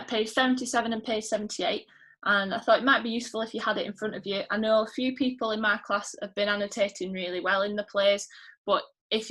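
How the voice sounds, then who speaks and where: A young woman teacher from England leads an online English lesson. She talks in a chatty, encouraging and informal way, with a bright, clear voice. The sound comes over a video call. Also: mid-range voice.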